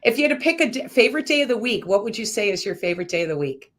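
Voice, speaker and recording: A woman hosting a live-stream interview, firing quick questions in a bubbly, teasing way and laughing often. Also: fairly high pitch, sing-song, a bit bright, slight background noise. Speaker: host.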